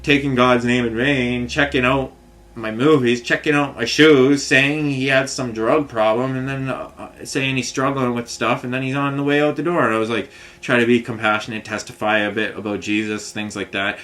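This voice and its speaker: A man's voice: mid-range voice, fairly even intonation, normal speed, a bit bright. Frustrated man ranting in run-on stories. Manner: frustrated, run-on storytelling full of filler phrases. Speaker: vlogger. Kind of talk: rambling personal rant to camera.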